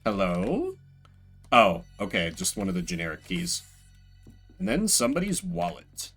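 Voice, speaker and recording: An animated man narrating his own playthrough in a chatty, self-mocking way. His voice is bright and forward, and it swings widely in pitch. Faint game music plays underneath. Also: unhurried, slightly rough. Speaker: streamer playing a horror game. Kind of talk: let's play commentary.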